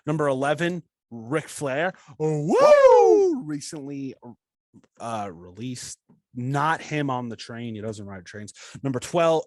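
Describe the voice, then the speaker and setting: A man's voice: mid-range voice, no echo. Joking young man on a podcast. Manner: jokey, playful, rambling. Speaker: podcast co-host. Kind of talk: casual podcast banter.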